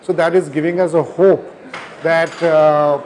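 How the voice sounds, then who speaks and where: A man's voice: fairly high pitch, fairly even intonation, measured pace, darkish tone, a little hiss or hum. Hesitant man with an Indian English accent. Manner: hesitant, many fillers, earnest. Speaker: company founder, guest. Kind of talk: conference interview. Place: conference hall.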